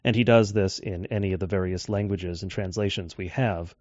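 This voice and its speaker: A man giving a measured lecture on scripture translation, slowing down to quote texts. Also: deep voice, steady tone, a little mellow, no room sound. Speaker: Bible teacher. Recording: dull dry lo-fi audio.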